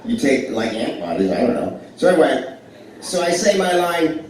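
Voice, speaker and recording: A man does live stand-up with crowd work in a small club, rambling and self-deprecating with plenty of fillers and restarts. His fairly high, darkish voice is animated and a little fast, caught in an echoey, distant club recording.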